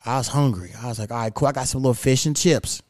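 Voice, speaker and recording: A man hosting a podcast, telling stories in a profane, animated way with quoted back-and-forth. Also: medium pitch, quick pace, no echo, studio quality. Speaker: podcast host. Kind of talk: casual chat, storytelling.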